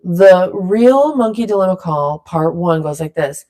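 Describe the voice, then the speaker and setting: A woman leading a silly vocal warm-up in a playful, rambling way, drifting into loose improvised rapping. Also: mid-range voice, expressive, normal speed, hardly any pauses. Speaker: vlogger leading a vocal exercise. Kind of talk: playful casual instruction.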